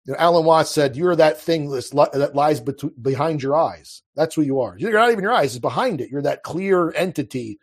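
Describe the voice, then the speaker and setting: A man with a husky, slightly breathy voice that sits a little high for a man. He talks earnestly and with passion, often breaking off and restarting his sentences in a loose, conversational flow. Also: lively intonation, a little fast, hardly any pauses. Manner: earnest, impassioned, with frequent restarts. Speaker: podcast guest. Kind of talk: casual conversational monologue.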